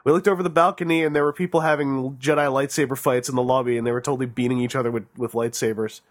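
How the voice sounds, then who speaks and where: A man's voice: medium pitch, fairly even intonation, racing. A man from Canada in a casual, joking podcast chat, rambling with lots of fillers. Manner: joking, rambling with many likes.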